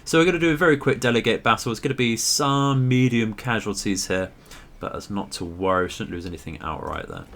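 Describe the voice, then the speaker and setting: A man, hosting a gaming video and talking through a strategy game in a polite, measured way with frequent fillers. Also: medium pitch, fairly bright tone.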